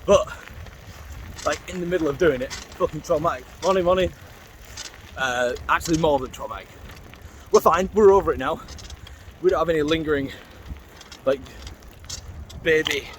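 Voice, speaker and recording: A man's voice: a little high, a bit bright, slight background noise. A man, telling rambling, swearing anecdotes while riding a bike outdoors and greeting passers-by mid-sentence. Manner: rambling, swearing, acts out voices in his anecdotes. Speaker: vlogger. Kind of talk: casual storytelling while cycling.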